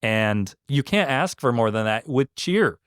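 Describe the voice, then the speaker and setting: A man's voice: mid-range voice, expressive, measured pace, a bit bright, clear, resonant tone, dry recording, clean studio sound. A man who owns a small business, speaking in a casual interview, earnest and heartfelt, with many fillers and restarts. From Michigan. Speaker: franchise owner, interview guest.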